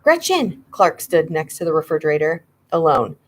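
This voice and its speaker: Woman narrating a spooky kids book, lowish voice, dramatic suspense reading. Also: normal speed. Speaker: audiobook reader. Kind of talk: storybook narration.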